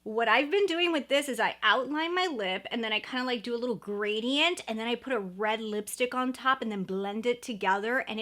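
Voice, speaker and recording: A young woman with a somewhat high voice reviews beauty products straight to camera in a chatty, enthusiastic way. She often doubles words for emphasis. The sound is a camera mic in a room at home. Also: a bit bright. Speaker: beauty vlogger.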